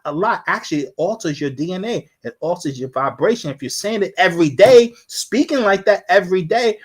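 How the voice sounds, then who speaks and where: A man's voice: high-pitched, a bit bright. A man giving a casual live-streamed lecture, rambling and repeating himself as he sounds out syllables.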